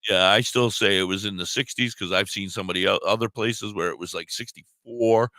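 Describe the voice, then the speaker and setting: A man's voice: lowish voice, a little fast, sharp tone, dry recording. A man co-hosting a radio talk show in casual banter, rambling and blunt. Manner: rambling, blunt, cheers and swears. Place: radio studio.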